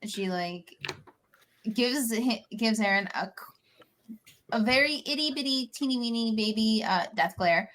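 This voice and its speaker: Animated woman player, higher voice. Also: measured pace. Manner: animated, giggly. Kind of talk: tabletop game chat.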